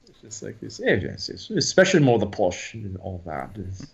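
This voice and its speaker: A man chatting as a guest on a casual video call. He talks in a playful, animated way, his pitch swinging up and down freely as he goes. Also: normal speed, gravelly, a little hiss or hum. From United States. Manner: animated, playful, slips into accents.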